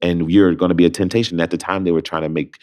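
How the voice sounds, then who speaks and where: A man with a very low, deep bass voice tells his story with great animation, jumping into the voices of the people he talks about. He is a young adult from Detroit and a Broadway performer, speaking as a podcast guest in casual conversation. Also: fast talker. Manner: lively storyteller who acts out both sides of phone calls.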